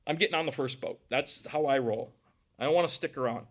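A man's voice: medium pitch, brisk, a bit bright. A middle-aged man preaching a sermon as pastor, conversational, with casual asides between scripture readings.

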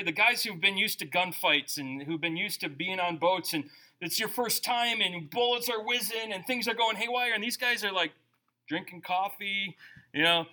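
A middle-aged man preaching a sermon as a pastor, conversational and animated, his volume rising and dropping. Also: high-pitched.

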